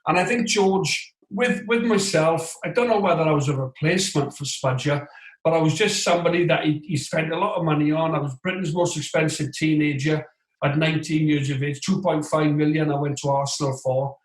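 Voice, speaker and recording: A man in his forties, a former footballer, telling stories as a guest in a casual interview, animated and quick to act out what others said. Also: on the high side. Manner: animated, tells stories with lively quoted voices. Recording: roomy echoey room sound.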